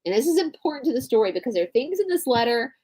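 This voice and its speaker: A woman's voice: high-pitched, sing-song, rapid-fire, warm tone, low-quality recording. A woman from Atlanta, co-hosting a live online show, explaining things in a chatty way and talking straight to her listeners. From Atlanta, Georgia. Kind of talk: casual chat, explaining and reading aloud.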